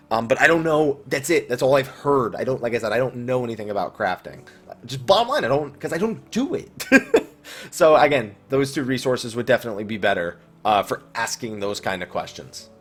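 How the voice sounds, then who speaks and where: A man's voice: medium pitch, a bit bright. A man hosting a casual viewer Q&A about online games, blunt and swearing freely. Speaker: YouTube host answering viewer questions.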